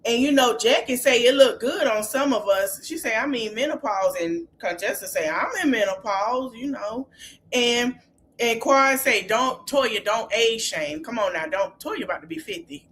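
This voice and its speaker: A woman with a high voice and a lilt hosts a casual podcast recap. She retells the arguments with lively exclamations, slipping into the cast members' lines as she goes. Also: normal speed, a little hiss or hum. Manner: animated retelling, acting out quotes with exclamations. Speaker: podcast host.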